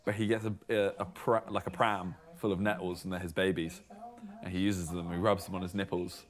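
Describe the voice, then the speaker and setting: A man in a casual group chat, telling a story in a halting way. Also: sits low, level tone.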